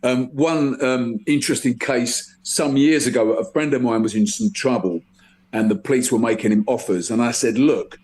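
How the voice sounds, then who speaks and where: A man's voice: mid-range voice, normal speed, darkish tone. A man in a casual group discussion, telling a story emphatically. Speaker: guest.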